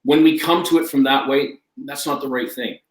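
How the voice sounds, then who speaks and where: A man's voice: medium pitch, moderate pace, roomy sound, rough recording. A man talking as a guest life coach, enthusiastic and emphatic, repeating his key phrases. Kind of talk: energetic conversational talk.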